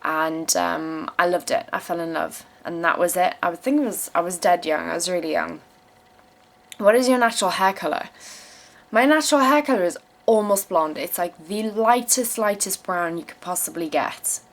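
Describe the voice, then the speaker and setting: A woman's voice: lowish voice, normal speed. A young woman from South Africa, her accent tinged with English, reading viewer questions aloud and answering them in a blunt, casual vlog with plenty of swearing. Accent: South African mixed with English. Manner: emphatic repeated phrases when giving advice.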